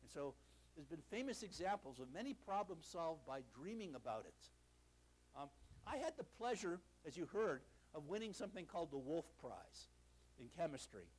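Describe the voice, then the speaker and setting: A man's voice: on the high side, very animated, normal speed, darkish tone, breathy edge. An older man giving a university lecture in a lecture hall, telling stories with a self-deprecating sense of humor.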